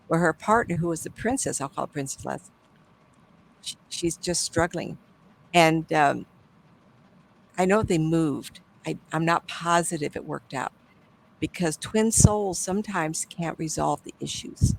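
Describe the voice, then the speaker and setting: An older woman, a psychic medium, telling stories in a casual interview, animated and acting out the people she quotes, often trailing off and starting over. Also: low-pitched, unhurried, gravelly, rough recording. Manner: animated, acts out quoted voices, trails off and restarts.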